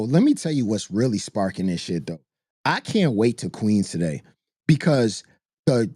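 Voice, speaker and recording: A man's voice: a little high, a little mellow, no echo, studio quality. A man co-hosting a livestream panel, talking casually and ranting with lots of swearing and emphasis. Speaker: co-host.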